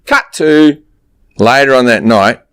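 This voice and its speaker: A man's voice: mid-range voice, takes it slowly, a bit bright, clean tone. A middle-aged man with an Australian accent, telling crude stories in casual podcast chat. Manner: profane, rambling storytelling. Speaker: guest comedian.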